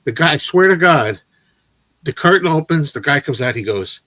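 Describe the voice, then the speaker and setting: A man hosting a casual movie chat livestream, telling an animated anecdote with frequent restarts and repeated words. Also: a little high, normal speed, no echo. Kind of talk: casual storytelling to a live chat.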